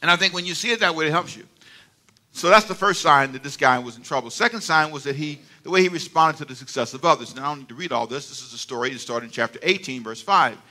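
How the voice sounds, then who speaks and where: Animated older male pastor preaching. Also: fairly high pitch, quick pace. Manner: animated storytelling with laughs and call-and-response. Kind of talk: sermon. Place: church sanctuary.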